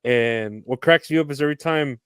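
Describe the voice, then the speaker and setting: A man's voice: medium pitch, brisk, clean tone, no room sound, studio quality. A man co-hosting a podcast, talking loosely about a movie and laughing often. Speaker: podcast co-host. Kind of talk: casual movie chat.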